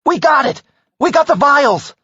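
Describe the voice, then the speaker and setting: A man reading an audiobook and voicing a hot-headed young man who shouts emotionally. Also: very high-pitched, very animated, a little slow, no room sound, highs cut off, pitched above the performer's own voice, full character voice. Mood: shouting.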